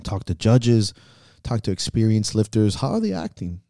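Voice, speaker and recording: Podcast co-host, male, profane and blunt, warm low-key tone. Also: expressive, normal speed, no echo, studio quality. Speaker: podcast co-host, meet promoter. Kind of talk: casual chat.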